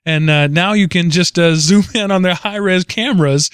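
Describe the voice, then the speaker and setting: Male podcast host, upbeat and wisecracking, a bit high-pitched, dry close sound. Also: moderate pace, smooth, no room sound. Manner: joking, teasing, upbeat. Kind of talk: casual chat.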